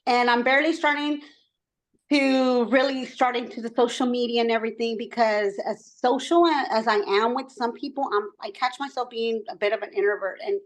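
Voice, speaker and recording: Texan woman, chatty, self-conscious, slightly high voice, video call. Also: steady tone, brisk. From Texas. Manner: chatty, self-conscious, mixes in Spanish words. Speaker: meetup attendee. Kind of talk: casual chat on a video call.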